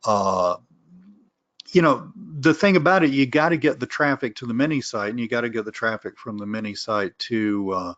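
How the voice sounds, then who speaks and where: A man's voice: mid-range voice, normal speed, a bit bright, no room sound, muffled recording. A middle-aged man hosting a casual live Q and A webinar, rambling through answers with many restarts and candid asides. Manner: rambling, full of restarts and fillers; candid, self-aware asides. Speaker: webinar host answering viewer questions.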